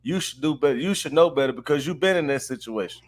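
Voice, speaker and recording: A man's voice: on the high side, animated, fast talker. A man co-hosting a sports podcast, speaking bluntly and emphatically in casual talk. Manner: blunt, emphatic, says "bro". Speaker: podcast co-host.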